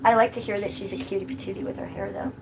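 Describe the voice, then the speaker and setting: A woman's voice: medium pitch, fairly even intonation, racing, heavy background noise. Chatty woman hosting a casual livestream. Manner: chatty, blunt, swears casually. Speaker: livestream host. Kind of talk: casual livestream chat reading comments.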